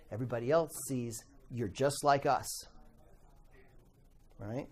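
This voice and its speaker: A man's voice: mid-range voice, takes it slowly, long pauses, a little mellow. A middle-aged man teaching a Bible class in a conversational way, asking the class questions and acting out quoted voices.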